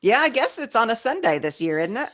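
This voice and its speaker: A woman's voice: fairly high pitch, big pitch swings, a bit bright. A woman co-hosting a casual writing podcast, trading jokes and reading definitions aloud, a little tipsy. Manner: joking, reads definitions aloud slowly. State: tipsy, slurring slightly. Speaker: podcast co-host. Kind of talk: casual chat.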